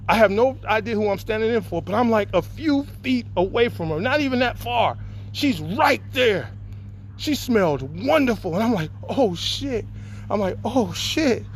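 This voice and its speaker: A man's voice: high voice, slight background noise. A man telling a long personal story to his viewers in a casual, rambling way, breaking off to greet people.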